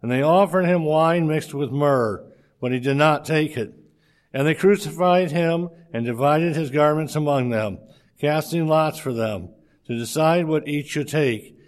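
A man reading a scripture passage aloud in a steady, measured way, with a few slips. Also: a little high.

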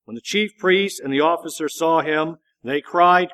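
A man reading a Bible passage aloud in a measured, steady narration. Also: on the high side. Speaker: scripture reader.

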